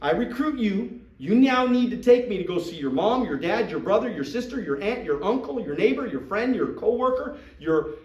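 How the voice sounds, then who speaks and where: A man's voice: sits high, animated, moderate pace, hardly any pauses, a little mellow, dull audio. A man giving a motivational business training talk, emphatic and repetitive, acting out sales conversations. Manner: emphatic, repeats phrases, acts out sales dialogue. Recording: echoey room, mic at a distance.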